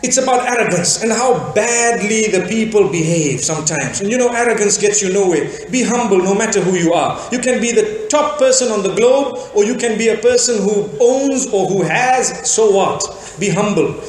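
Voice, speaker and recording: A man's voice: high voice, moderate pace, few pauses. A man from Zimbabwe in his forties giving a sermon, telling stories and asking the crowd rhetorical questions. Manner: animated storytelling with rhetorical questions. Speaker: preacher. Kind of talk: sermon lecture. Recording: echoey lecture hall.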